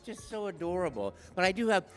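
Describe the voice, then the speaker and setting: Animated older man on a big stage. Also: high-pitched, quick pace. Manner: animated, playful, slips into character voices. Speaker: guest voice actor. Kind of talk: live stage Q&A storytelling. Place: live stage at a convention.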